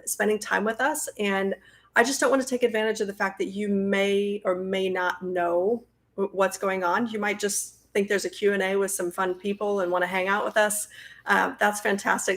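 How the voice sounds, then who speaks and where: Woman host, friendly chatty live-stream intro, gravelly fry. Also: mid-range voice, fairly bright tone. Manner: friendly, chatty, many fillers. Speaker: host and nonprofit president.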